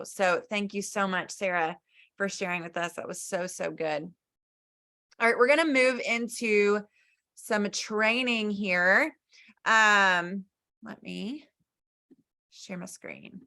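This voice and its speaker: A woman's voice: mid-range voice, fairly even intonation, slow pace, pauses often, sharp tone. A woman hosting a team video call, chatting in an enthusiastic, encouraging way. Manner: enthusiastic, chatty, southern "y'all". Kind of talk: casual encouraging talk.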